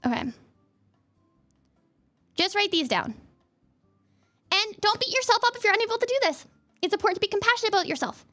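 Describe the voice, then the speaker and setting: A young woman chats to her viewers on a livestream, rambling and heartfelt, with plenty of "like" fillers. Her voice sits very high and sounds bright and sharp. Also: sing-song, a little fast, long pauses, soft background music. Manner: rambling and emotional, many "like" fillers. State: teary, near crying. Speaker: VTuber streamer. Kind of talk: casual livestream chat.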